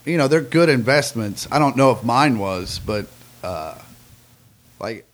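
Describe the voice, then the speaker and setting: A man's voice: mid-range voice, animated, unhurried. A man, a comedian, speaking candidly in a casual podcast chat and swearing casually.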